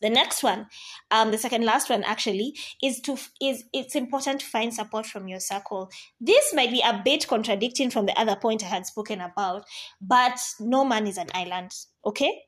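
A woman in her thirties with a fairly high voice talks straight to her listeners in a relaxed personal monologue. She is animated, tossing in playful asides and acting out quotes. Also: normal speed. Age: 30s. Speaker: podcast host.

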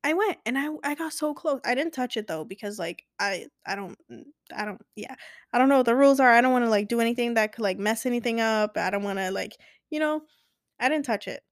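A woman's voice: fairly high pitch, lively intonation, fast talker, no echo. Chatty young woman, gushing, dry sound. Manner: chatty, rambling, many "like" fillers and restarts; enthusiastic and gushing. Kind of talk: casual storytime vlog.

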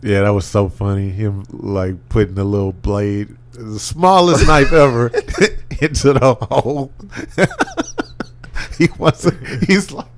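A man co-hosting a casual podcast chat, retelling scenes in an animated, slangy way with lots of laughter. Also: medium pitch, slow pace. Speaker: podcast co-host.

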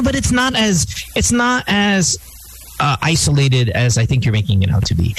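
A Filipino man hosting a podcast in casual chat, animated and often mimicking other voices as he talks. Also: medium pitch, vocal fry, breathy edge, rough recording. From Philippines. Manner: animated, mimics voices while telling stories. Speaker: podcast host.

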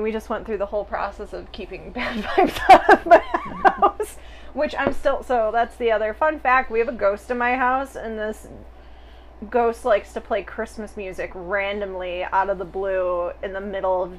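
A woman's voice: mid-range voice, lively intonation, moderate pace, a little hiss or hum. A woman hosting a podcast, chatting casually, laughing often and swearing offhandedly. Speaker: podcast host.

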